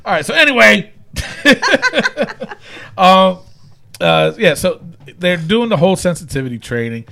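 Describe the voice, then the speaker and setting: A man co-hosting a podcast, recapping wrestling shows in casual chat, animated and laughing often. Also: high-pitched, a little slow, vocal fry. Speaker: podcast co-host.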